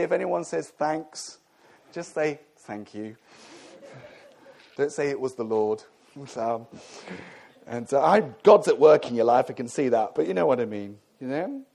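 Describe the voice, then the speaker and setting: A man's voice: a little high, vocal fry, warm tone. A middle-aged man preaching a sermon in a conversational, humorous way, as the church's pastor.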